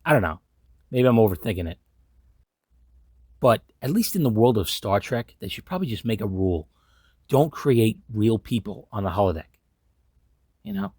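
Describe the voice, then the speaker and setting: A man's voice: fairly low pitch, expressive, normal speed, long pauses, darkish tone, husky, no echo, studio quality. A man giving casual, sarcastic episode commentary, swearing often and sounding incredulous. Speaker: commentary host.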